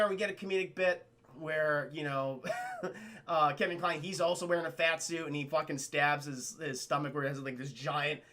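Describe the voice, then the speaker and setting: High-voiced, gravelly man recapping a film. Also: sharp tone. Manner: rambling, acts out film lines in quick impressions. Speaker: film reviewer streaming to chat. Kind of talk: casual profane movie recap.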